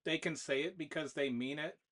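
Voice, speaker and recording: An author reading a whiteboard novella aloud as the narrator, in an expressive manner. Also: mid-range voice, brisk. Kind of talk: storybook narration.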